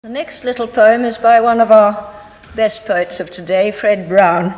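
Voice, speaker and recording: A reader gives a slow, measured reading of a dialect poem, taking each line deliberately. The voice rings out in a large hall with a long, lingering reverb. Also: mid-range voice, little pitch movement. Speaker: poetry reader. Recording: echoey hall.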